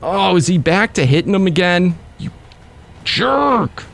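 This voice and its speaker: A young man commentating his own gameplay, excitable and quick to break into frustrated outbursts. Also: high voice. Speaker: let's play gamer.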